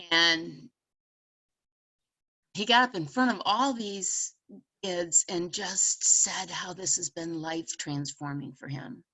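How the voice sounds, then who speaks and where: Female educator guest, animated storyteller, sharp, bright tone. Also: on the low side, poor audio. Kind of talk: storytelling in a casual chat.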